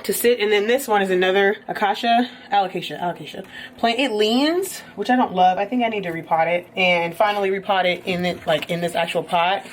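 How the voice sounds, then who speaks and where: Chatty, animated woman vlogging at home. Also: a little fast, slight background noise. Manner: chatty and animated, voice jumping high in exclamations. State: a bit out of breath. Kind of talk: casual home vlog. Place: apartment rooms, moving around.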